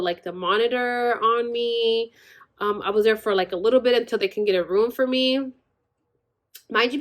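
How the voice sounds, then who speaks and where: A young adult woman telling a long personal story in casual chat, rambling, full of "like" and exasperated asides. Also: medium pitch.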